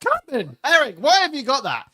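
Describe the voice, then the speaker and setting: A man putting on the voice of a scolding cartoon mother, sharp and raised. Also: very high-pitched, huge pitch swings, a little fast, pitched above the performer's own voice, full character voice.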